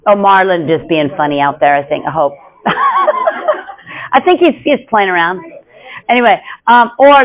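A man preaching an informal sermon in an earnest, repetitive way, swinging between hushed lines and emphatic ones. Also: very high voice, normal speed, long pauses, rough recording.

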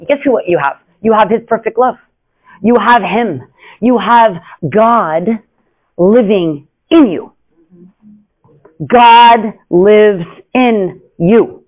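A man preaching an informal sermon in an earnest, repetitive way, swinging between hushed lines and emphatic ones. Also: very high-pitched, low-quality recording.

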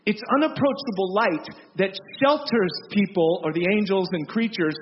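An impassioned male preacher with a high voice delivers an emphatic, scolding sermon. His words ring out with a long reverb in a large hall. The recording is muffled and carries a faint hiss. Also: expressive, moderate pace.

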